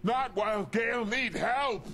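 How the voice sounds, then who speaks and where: A man's voice: very high-pitched, a little slow, slight background noise, heavily acted. An actor playing a huge, angry male super mutant who speaks in broken sentences and refers to himself in the third person. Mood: furious, desperate. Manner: broken speech, referring to self in third person, shouting bursts. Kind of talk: video game dialogue.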